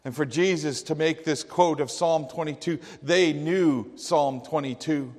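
A man preaching a sermon, slow and emphatic, with dramatic quotations. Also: fairly high pitch, a little mellow. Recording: long hall reverb.

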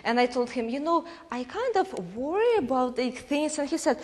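A Ukrainian woman from Ukraine speaking to a church congregation, telling lively stories, laughing and acting out voices as she goes. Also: high-pitched, moderate pace, long reverb tail. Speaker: guest speaker at a church, interpreting for her husband. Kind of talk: storytelling testimony to a congregation.

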